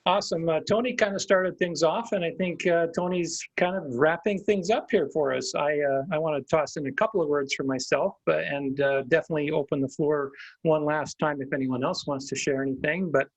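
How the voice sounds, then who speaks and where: A man hosting a group video call, reflective and relaxed, with many fillers. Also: on the high side, a little fast, no echo, dull audio. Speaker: host.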